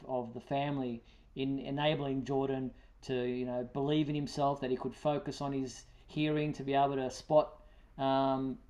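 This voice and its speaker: A man's voice: medium pitch, darkish tone. A man with a New Zealand accent hosting a live fan chat show, talking casually with plenty of fillers and restarts. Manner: talkative, lots of fillers and restarts. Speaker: podcast host.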